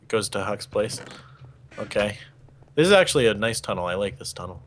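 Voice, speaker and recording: A man's voice: fairly low pitch, expressive, a little fast. A man with a Boston accent in easygoing, casual chat with friends while playing a game together online. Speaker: new server member.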